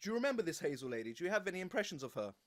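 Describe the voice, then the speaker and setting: A man hosting a podcast, asking questions and retelling anecdotes in a relaxed, conversational way. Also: high voice, very fast. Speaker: podcast host. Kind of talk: casual interview chat.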